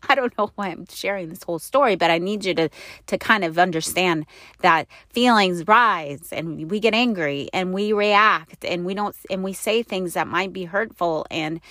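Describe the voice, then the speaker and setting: A woman with a lowish voice talks straight to the camera and tells a personal story. She rambles and corrects herself, with plenty of fillers and frequent laughs. The sound is dry and close, with no room echo. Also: a little slow, bright, forceful tone. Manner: rambling and confessional, with many fillers and self-corrections; breaks into laughter often. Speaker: wife sharing a personal story.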